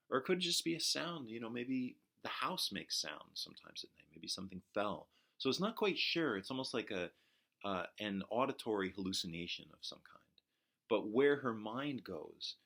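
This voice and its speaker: A man teaching a poetry class, talking reflectively and haltingly with many pauses and fillers. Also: lowish voice, sharp tone. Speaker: literature teacher. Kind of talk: poetry lecture.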